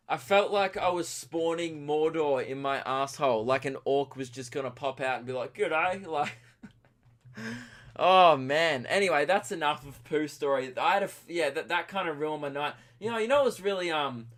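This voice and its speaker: A man's voice: a little high, normal speed, fairly bright tone. An Australian man hosting a podcast, telling a rambling comic story with chuckles and self-mocking asides. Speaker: podcast host. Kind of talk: comedic storytelling monologue.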